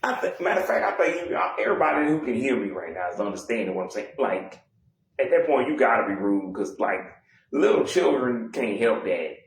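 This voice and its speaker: A man's voice: medium pitch, big pitch swings, a little fast. A man ranting bluntly and profanely in casual chat. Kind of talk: casual rant. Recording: echoey room with faint noise.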